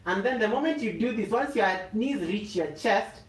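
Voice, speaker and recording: A man with a high voice leads a live yoga class, talking people through the poses. He repeats key phrases and lets out groans and exclamations while he holds the stretches himself. He sounds a little distant from the mic, in an echoey room. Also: lively intonation, moderate pace. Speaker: yoga teacher.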